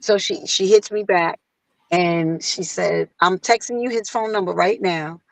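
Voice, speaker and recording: Animated woman telling a story. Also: measured pace, gravelly, no echo, poor audio. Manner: animated, acts out quotes in a higher voice. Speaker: guest singer. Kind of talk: casual storytelling.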